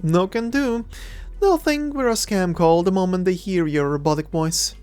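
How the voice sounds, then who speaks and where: A woman's voice: on the low side, normal speed, darkish tone, smooth, soft background music, lightly acted. A woman voicing a cocky young adventurer-thief who talks in a playful, mocking way, in a fan audio drama. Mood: teasing. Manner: playful, mocking, laughs often.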